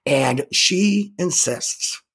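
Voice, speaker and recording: A woman's voice: deep voice, expressive, slightly rough. A woman telling a personal story as an interview guest, emphatic and intense, often stopping to restart her words. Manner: halting, with frequent repeated restarts.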